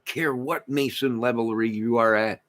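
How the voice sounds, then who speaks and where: A man hosting his own channel, delivering a rambling rant to camera, emphatic and repetitive, swinging between loud declarations and muttered asides. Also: medium pitch, steady tone, normal speed. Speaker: channel host.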